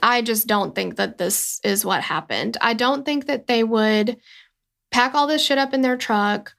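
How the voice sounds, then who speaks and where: Gravelly chatty woman podcast co-host. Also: fairly high pitch, unhurried, a bit bright. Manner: chatty, rambling, many fillers. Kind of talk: casual true-crime podcast chat.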